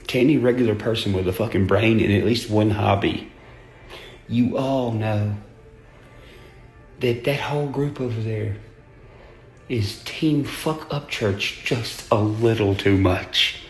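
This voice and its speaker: A man's voice: lowish voice, takes it slowly, long pauses, soft background music. A man ranting casually and profanely on a livestream, boastful and laughing often. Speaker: livestream host.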